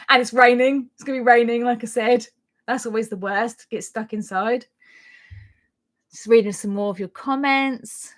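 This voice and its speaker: A woman's voice: a little high, steady tone, unhurried, long pauses, fairly bright tone. A woman in her thirties with a Norfolk English accent, hosting a casual crochet live stream, chatty and self-deprecating, laughing often. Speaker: crochet channel host.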